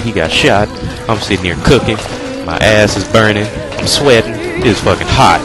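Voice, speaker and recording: Cussing man over loud game music. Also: fairly low pitch. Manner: profane, complaining, self-encouraging. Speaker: gaming commentator. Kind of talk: casual let's-play commentary.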